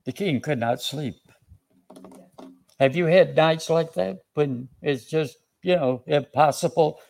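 A man's voice: a little high, slow, vocal fry, darkish tone. A man preaching a sermon, retelling a scripture story in a folksy, conversational way. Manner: folksy, conversational, with chuckles and restarts.

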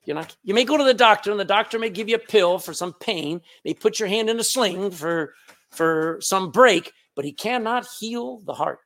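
A man's voice: high-pitched, lively intonation, moderate pace, fairly bright tone. A man with a Texan accent preaching a sermon as pastor of his church, emphatic and repeating words, calling out to the congregation. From Texas. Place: church sanctuary.

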